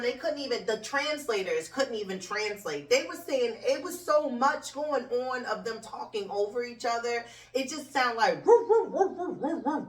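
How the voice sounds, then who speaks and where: Brash, foul-mouthed woman ranting. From United States. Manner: blunt, swearing, animated swings in pitch. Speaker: host. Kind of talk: profane comedic rant. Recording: roomy echo, distant from mic.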